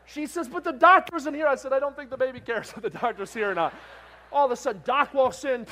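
A middle-aged man preaching a sermon, telling a story with acted-out voices that swing from loud bursts to hushed, tender moments. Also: high voice, slight background noise.

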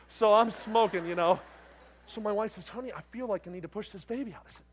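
A middle-aged male preacher with a fairly high voice tells a story from the pulpit. He acts out the voices in it and swings from loud, excited bursts down to soft, tender moments. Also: quick pace, a little hiss or hum. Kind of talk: sermon with storytelling.

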